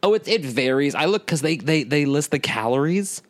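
A man's voice: fairly high pitch, expressive, normal speed. A man co-hosting a podcast at home, flustered and scattered, laughing often as he chats. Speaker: podcast co-host. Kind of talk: casual chat. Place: home kitchen area.

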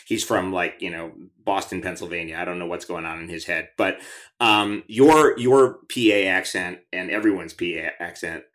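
A man with a fairly low voice hosts a conversational interview. He talks in an eager, chatty way and restarts his sentences often. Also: normal speed, a bit bright. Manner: chatty, enthusiastic, many restarts. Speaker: podcast host.

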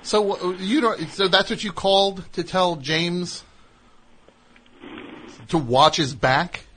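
A man's voice: high-pitched, steady tone, slow, a bit bright, a little hiss or hum. A man hosting a comedy call-in radio show, asking a caller questions in a dry, bemused way. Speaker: radio host.

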